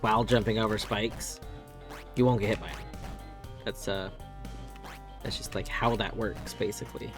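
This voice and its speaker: Over soft background music, a streamer with a medium-pitched voice talks at a moderate pace through a live game, leaving long pauses. They narrate each move and yelp suddenly whenever something goes wrong.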